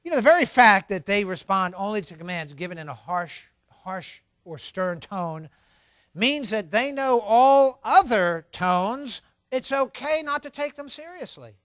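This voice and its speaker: A middle-aged man giving a humorous sermon on parenting, animated and acting out scolding parents for laughs. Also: high-pitched, a little slow, no echo.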